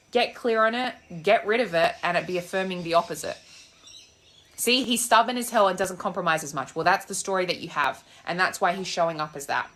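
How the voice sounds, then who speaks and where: A woman's voice: medium pitch, a bit bright. A young woman coaching manifestation in a casual live chat, sassy and blunt, swearing freely as she walks outdoors with her phone in hand. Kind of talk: casual live-stream chat answering comments. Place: outdoors on a walk. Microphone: phone held in hand.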